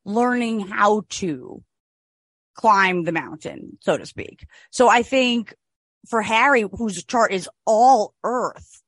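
A young adult woman co-hosting a casual podcast chat, musing and halting, with many restarts. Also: medium pitch, lively intonation, a bit bright, no room sound. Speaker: podcast co-host.

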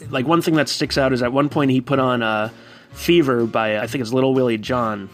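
A man in his thirties from New York telling a casual, animated personal story and acting out quoted voices. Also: mid-range voice, a little fast, faint music behind. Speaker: guest storyteller. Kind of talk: casual anecdote.

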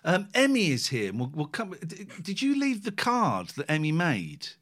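A man, co-hosting a casual podcast chat and telling an emotional personal story in an animated way. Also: on the high side, normal speed. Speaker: podcast co-host.

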